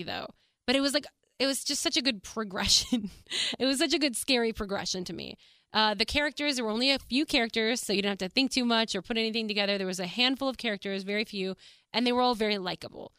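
A woman's voice: mid-range voice, a bit bright, smooth, no room sound. A woman hosting her own podcast, chatting casually and bubbly with lots of fillers and laughs, from a small studio. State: out of breath. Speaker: podcast host. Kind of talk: casual solo podcast chat.

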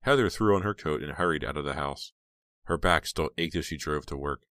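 A man narrating a horror audiobook in a measured, dramatic way. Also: rumbling low, a bit bright, no room sound, clean studio sound. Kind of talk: scripted narration.

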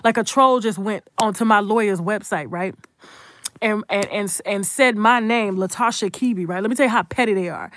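A woman giving heated, profane live commentary, hammering points with repetition and shifting between hushed asides and loud outbursts. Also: moderate pace, no echo. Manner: rises into high, loud outbursts; drops to hushed, whispered asides.

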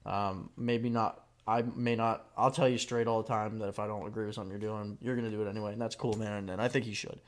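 A man hosting a podcast from a home basement, chatting casually with a rambling deadpan humor and frequent swearing. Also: on the low side, fast talker, few pauses. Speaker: podcast host. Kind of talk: casual comedic chat.

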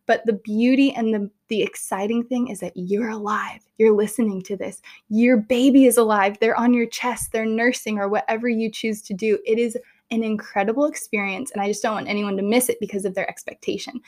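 A young woman in casual, animated storytelling, chatting warmly to her viewers and peppering her talk with "like" and "oh my gosh". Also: medium pitch. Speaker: vlogger sharing a birth story.

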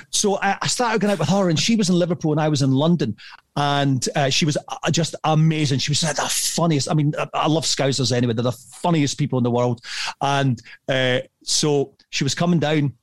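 A man in his fifties, a podcast guest telling stories in a chatty, animated way, often laughing. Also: fairly high pitch, dry recording. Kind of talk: casual storytelling.

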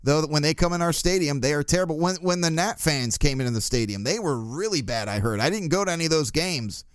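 A man's voice: on the high side, animated, fast talker, clear, resonant tone, no echo, clean studio sound. A man hosting his own podcast, ranting casually and sarcastically, often laughing. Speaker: podcast host. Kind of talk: casual solo podcast rant.

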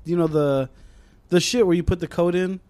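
Casual podcast chat comes from a male co-host with a high voice and moderate pace. Telling stories with animation, he performs the quoted voices of the people in them.

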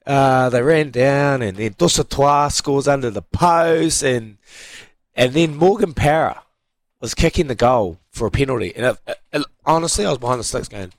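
Lively New Zealand radio host, dry studio sound. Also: male voice, medium pitch, moderate pace, no room sound. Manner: lively, laughs often, uses bro and mate. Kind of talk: casual radio chat.

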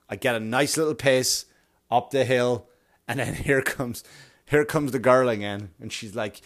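A man tells a long story in a casual monologue with a mid-range voice. He is animated and self-mocking and swears freely. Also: medium pitch, unhurried.

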